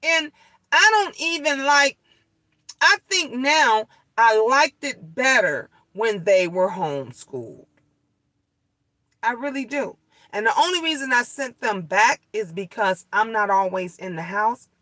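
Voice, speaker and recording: Heated, bright-voiced middle-aged woman ranting. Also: on the high side, expressive, unhurried, no room sound, low-quality recording. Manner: heated, blunt and profane, repeating her points. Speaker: leasing office worker vlogging on her lunch break. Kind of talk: casual vlog rant.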